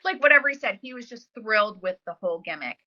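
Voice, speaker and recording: Speaking at a medium pitch, she comes across as animated, pushed, and bright, and she talks quickly. She's a former wrestler guesting on a podcast, spinning stories in a relaxed interview with plenty of fillers and performing the words of people she quotes. The audio has a dull, lo-fi quality.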